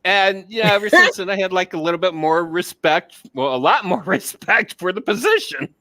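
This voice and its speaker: A man's voice: high voice, lively intonation, moderate pace, sharp tone, no echo. A man co-hosting a casual podcast, talking bluntly with crude jokes and mock rants. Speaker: co-host.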